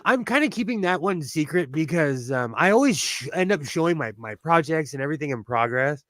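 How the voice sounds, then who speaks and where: A man's voice: fairly high pitch, animated, brisk, fairly bright tone, no room sound. A man from California with a Californian accent and a youthful-sounding voice, chatting casually on his sewing livestream, laughing often and restarting his sentences.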